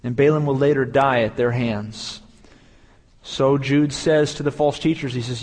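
A man's voice: medium pitch, fairly even intonation, measured pace, a little mellow, big-room sound. A man preaching a sermon as pastor, building emphasis through repeated phrases.

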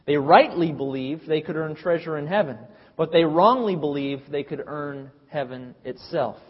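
A man's voice: a little high, normal speed, husky. A man preaching a sermon in an emphatic, preacherly way, sometimes acting out the lines he quotes. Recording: dull lo-fi audio with long hall reverb.

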